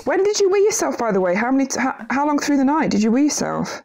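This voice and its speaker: A woman's voice: high voice, sing-song, quick pace, creaky, darkish tone. A woman co-hosting a podcast in casual chat, teasing her friend with nosy questions. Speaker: podcast co-host.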